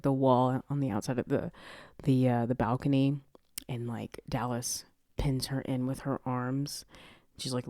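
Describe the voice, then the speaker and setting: Casting: woman podcast host with a low, dry voice, profane and animated. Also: no room sound. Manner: profane, animated, laughs often. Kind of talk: casual movie review chat.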